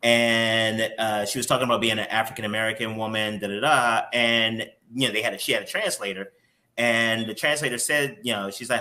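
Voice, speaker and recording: A man's voice: lowish voice, fairly even intonation, fairly quick, sharp tone. A man hosting a morning show interview who talks candidly and openly emotionally, with some casual swearing.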